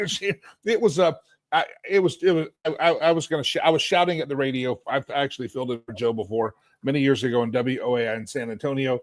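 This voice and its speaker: Middle-aged male host, sarcastic, animated, slightly high-pitched voice, dry close sound, rambly live-stream delivery. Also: fast, dry recording. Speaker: talk show host. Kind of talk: live political commentary stream. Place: hotel suite.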